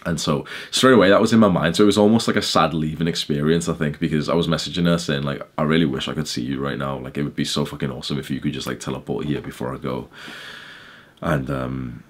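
Fast-talking young man with a deep voice. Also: fairly even intonation. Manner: fast, chatty, swearing, lots of "like" fillers. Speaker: YouTuber. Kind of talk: casual vlog storytelling.

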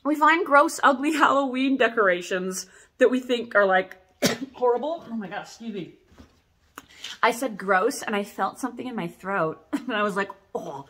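A young adult woman hosting a casual product vlog, rambling and animated as she chats about corsets. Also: a little high, moderate pace, slight background noise. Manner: rambling, animated, laughs and coughs often. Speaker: corset shop host.

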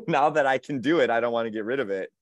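A man's voice: medium pitch, fast, no echo. Guy in his 40s on a video call, chatty and self-deprecating, laughs a lot, dry close sound. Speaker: podcast guest, actor and author. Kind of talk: casual video-call chat.

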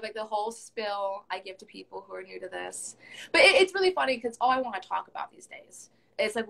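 Bright-voiced chatty young woman. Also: a little high, vocal fry, poor audio. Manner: chatty, laughs often, quotes others in quick bursts. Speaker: podcast guest, tarot reader. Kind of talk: casual chat.

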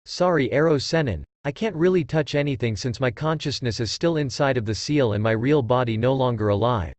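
A man's voice: mid-range voice, a little fast, no room sound, lightly acted. A man voicing a cheeky, kind spirit of a father who explains things at length.

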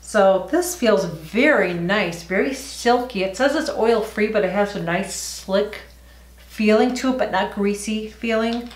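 A middle-aged woman at a mid pitch, talking through her makeup routine in a chatty, easygoing way. Her voice bounces around an echoey room at home. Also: measured pace. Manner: chatty, talks while applying makeup. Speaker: beauty vlogger. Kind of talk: casual makeup tutorial.

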